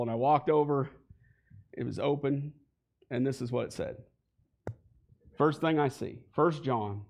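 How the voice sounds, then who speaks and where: In a church sanctuary, a man in his forties shares his personal faith story as a guest speaker, starting conversationally and rising to heated emphasis. His mid-range voice is a little slow and slightly mellow, with vocal fry and long pauses.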